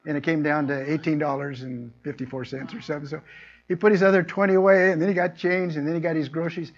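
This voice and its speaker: A man preaching a conversational sermon, telling everyday stories and acting out people's lines in a raised, animated voice. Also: fairly high pitch, fast talker. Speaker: pastor. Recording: muffled lo-fi recording.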